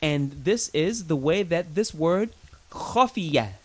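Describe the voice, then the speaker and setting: A man gives a recorded Arabic lesson at an unhurried, deliberate pace. His pitch swings widely as he drills each word again and again, keeping an easygoing, informal tone with the class. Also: animated. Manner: patient, drills pronunciation with repetition; chatty and informal with learners. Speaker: Arabic teacher.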